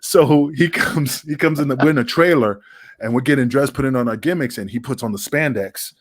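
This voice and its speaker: A man's voice: mid-range voice, a little fast. A man, a former wrestler guesting on a podcast, telling rambling, profane stories and laughing as he goes. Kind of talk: casual storytelling.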